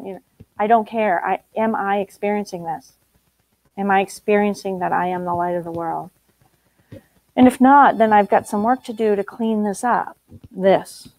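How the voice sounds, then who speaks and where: A woman's voice: medium pitch, darkish tone, no echo, low-quality recording. A middle-aged woman teaching a spiritual group, blunt and emphatic, laughing often.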